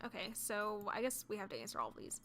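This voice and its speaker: A woman's voice: mid-range voice, big pitch swings, quick pace, a bit bright, a little hiss or hum. A woman casually commenting on and reading out a story game she is playing. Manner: casual and chatty, reads text aloud. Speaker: game streamer.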